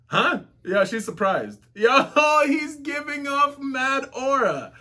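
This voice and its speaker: A man reacts to a comic in a casual, slang-heavy way, full of exclamations. His voice sits high for a man. He talks at an unhurried pace between his outbursts. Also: sing-song, pushed and bright. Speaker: webtoon reactor.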